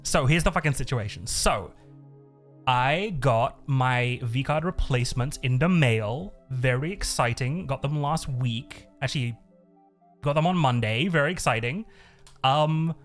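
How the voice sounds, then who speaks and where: A man's voice: mid-range voice, expressive, a little slow. Guy streamer rambling and cussing, laughs a bunch, faint music looping behind. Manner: rambling, swears a lot, laughs often. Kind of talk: casual live-stream chat. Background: faint looping background music.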